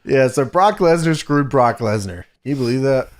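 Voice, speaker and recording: A man's voice: medium pitch, animated, normal speed. A man co-hosting a podcast in casual chat, joking and acting out quoted lines. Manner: joking, acts out quoted lines, laughs often. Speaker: podcast co-host. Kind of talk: casual chat reviewing old wrestling.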